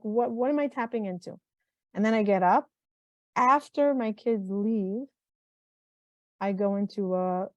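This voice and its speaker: In a dull, dry recording, a middle-aged mental health consultant talks as an interview guest, her mid-range voice carrying a darkish tone. She reflects earnestly and from the heart, frequently restarting and repeating what she says.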